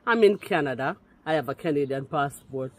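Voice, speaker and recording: A Jamaican-accented woman caller, forcefully rebutting in a heated call-in, slipping into patois. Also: low-pitched, animated, brisk. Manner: forceful, indignant, patois-laced.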